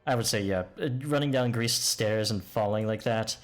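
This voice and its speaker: Guy dm calling out dice and combat turns, lowish voice, a little music behind. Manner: quick, matter-of-fact narration of combat turns. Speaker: game master. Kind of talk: running a tabletop game.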